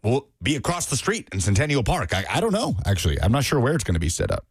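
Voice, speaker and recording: A man's voice: medium pitch, wildly swooping pitch, quick pace, slight background noise. A man co-hosting a sports radio show, breaking down a game in casual talk with frequent fillers. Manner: analytical, hedging with fillers.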